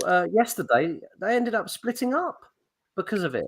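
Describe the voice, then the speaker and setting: A man's voice: high-pitched, very animated, normal speed. A man co-hosting a podcast, rambling through a story and acting out quotes in different voices. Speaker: podcast co-host. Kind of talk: casual chat.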